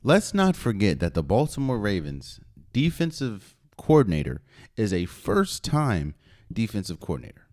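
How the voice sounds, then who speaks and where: A man hosting a solo sports podcast, giving opinionated, emphatic commentary with sudden loud rises and quiet asides. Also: on the low side, huge pitch swings, moderate pace. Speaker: podcast host.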